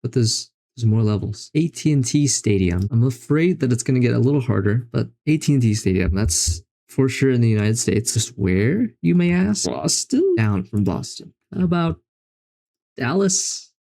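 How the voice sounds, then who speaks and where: A young man with a low, mellow voice and a gravelly edge talks through a string of geography puzzles as he plays. He thinks aloud, mocks himself and sounds exasperated at his own guesses. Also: animated, normal speed, few pauses. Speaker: gaming video host. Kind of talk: casual commentary while playing.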